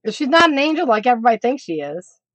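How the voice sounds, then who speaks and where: A woman's voice: a little high, sing-song, quick pace, no room sound. A middle-aged woman chatting on a casual craft live stream, teasing her dog and laughing often. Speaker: craft channel host.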